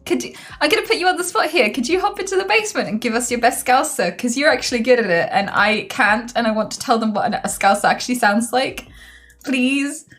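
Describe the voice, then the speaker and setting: A woman's voice: a little high, animated, brisk, a bit bright. Chatty, playful woman streamer. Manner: chatty, laughs often, playful. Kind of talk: casual live-stream chat.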